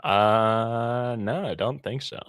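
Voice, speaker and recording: A man's voice: medium pitch, slow pace, fairly bright tone, smooth. A man co-hosting a sports betting show, laid-back, throwing in short joking remarks. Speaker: co-host. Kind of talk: casual sports betting talk.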